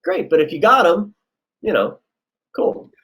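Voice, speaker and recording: A man who works as a casting director, giving relaxed, chatty advice in an interview and acting out little exchanges. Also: a little high, measured pace, slightly rough, rough recording. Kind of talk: casual interview answers.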